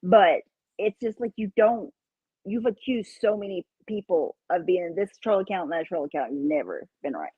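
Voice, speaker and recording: A woman's voice: lowish voice, lively intonation, moderate pace, husky, dry recording, narrow, tinny audio. A woman in a casual chat who mocks others with laughter and mimicry.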